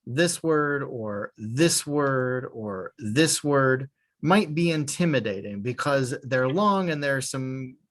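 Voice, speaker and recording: A man teaching a beginner language class, patiently explaining step by step with a small joke now and then. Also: mid-range voice. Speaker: Hebrew teacher. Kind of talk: online class instruction.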